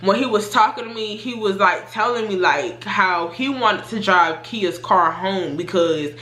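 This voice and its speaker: Chatty young woman with a bright voice. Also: a little slow, roomy sound. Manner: animated retelling, voices her own past reactions with rising pitch. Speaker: storytime vlogger. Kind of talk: casual storytelling.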